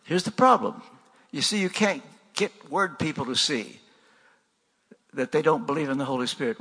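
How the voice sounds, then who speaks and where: A man's voice: fairly high pitch, expressive, moderate pace, sharp tone, slightly rough, in a large hall. An older man preaching a sermon in a conversational way, asking rhetorical questions and repeating refrains.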